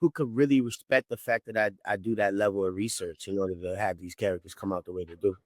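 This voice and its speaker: A man's voice: fairly low pitch, steady tone, fast, a little mellow, dry recording, studio quality. A man in his thirties with a New Orleans accent, chatting casually as an interview guest, often adding "you know what I mean.". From New Orleans, Louisiana. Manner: laid-back storytelling, frequent "you know what I mean".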